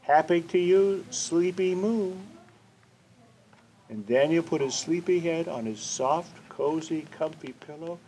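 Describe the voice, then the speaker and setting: A man's voice: on the high side, takes it slowly, warm tone, poor audio. An older man reading a children's picture book aloud at a library storytime, playful with sound effects and sing-song repetition, then chatting with the kids. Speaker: storytime reader. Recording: faint room noise, community TV recording.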